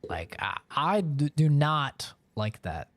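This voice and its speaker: A man's voice: on the high side, very animated, slow, a bit bright, no echo. A man live-streaming and chatting casually with viewers, rambling along with lots of filler words.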